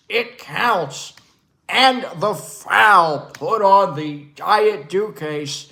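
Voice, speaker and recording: A man's voice: high-pitched, fairly bright tone, pitched above the performer's own voice, exaggerated voice, low-quality recording. A man doing a boastful, taunting older politician. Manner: boastful, repetitive taunts with "okay" and "believe me". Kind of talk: comedic impression.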